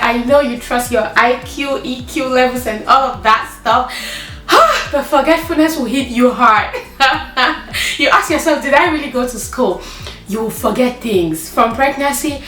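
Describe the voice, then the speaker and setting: A woman's voice: high-pitched, fairly bright tone, distant mic. A woman vlogging as a first-time mother, chatting candidly and acting out her own frantic thoughts in little quoted asides. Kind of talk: candid personal vlog talk. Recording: echoey room with faint background music.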